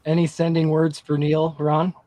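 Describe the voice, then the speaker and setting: Male co-host, casual and laid-back, slightly high voice. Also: completely flat delivery, normal speed, warm tone. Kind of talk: casual chat.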